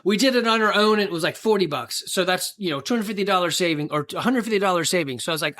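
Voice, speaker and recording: A man's voice: high-pitched, lively intonation, fast, few pauses, pushed and bright. Middle-aged guy hosting his podcast solo, folksy and rambly, pokes fun at himself. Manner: rambling, folksy and self-deprecating, with asides and laughs. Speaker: podcast host and gym owner. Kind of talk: casual solo podcast talk.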